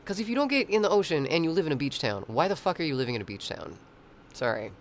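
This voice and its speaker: A man's voice: fairly high pitch, sing-song, quick pace, a little hiss or hum. A man streaming and chatting casually with viewers, rambling, swearing freely and laughing often. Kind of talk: casual chat.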